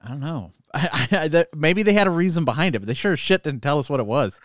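A man's voice: a little high, expressive, fast, no room sound, studio quality. A man co-hosting a podcast, chatting casually about a movie in a laid-back, agreeable way with frequent hesitations. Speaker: podcast co-host. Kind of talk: casual movie review chat.

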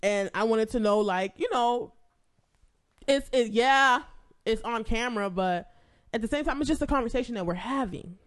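A woman's voice: on the high side, moderate pace, dry recording, clean studio sound. A woman hosting a podcast, chatting casually and bluntly, cursing freely as she tells a story. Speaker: podcast host. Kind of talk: casual profane chat.

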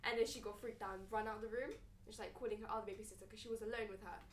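A young woman telling a long story in casual chat, rambling and animated, with many fillers. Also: medium pitch, racing, slight background noise. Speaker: storyteller guest. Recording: echoey room, a little distant.

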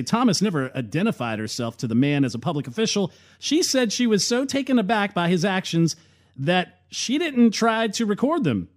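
A man hosting a political commentary show, reading news reports aloud and adding sarcastic remarks. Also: high-pitched. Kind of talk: commentary and read sponsor ad.

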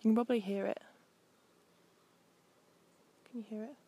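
Breathy woman chatting on a walk. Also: on the high side, steady tone, moderate pace, warm tone, no echo. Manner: chatty, meandering, with frequent ums. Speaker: host. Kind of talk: casual narration while walking. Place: outdoors on a coast path.

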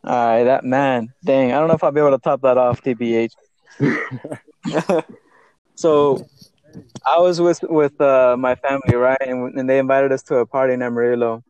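A man's voice: mid-range voice, steady tone, a little mellow, smooth, no echo. Rambling young man. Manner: halting, rambling, many restarts. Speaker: podcast co-host. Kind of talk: casual chat. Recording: dull, dry sound.

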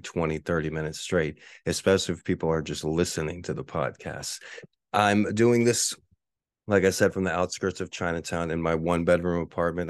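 A man with a very low, deep voice hosts a solo podcast from his apartment, talking nonstop in a profane, ranting way. The sound is dry and close, with no room echo at all. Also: clean tone. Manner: ranting, profane, mocking the neighbors in shrill voices. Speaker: podcast host. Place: one-bedroom apartment.

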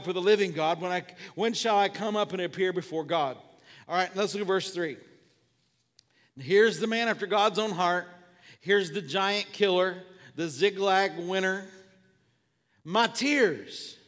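A male pastor preaching a sermon with passion, repeating refrains and building up to shouts. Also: high voice, in a large hall. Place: church sanctuary.

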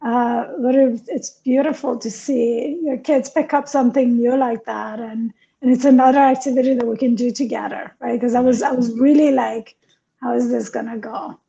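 A woman's voice: on the high side, steady tone, moderate pace, creaky, hardly any pauses, dark tone, lo-fi sound. A woman co-hosting a podcast, chatting casually and telling stories with frequent laughs. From Europe. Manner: laughs often, chatty storytelling. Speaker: podcast co-host. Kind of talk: casual chat.

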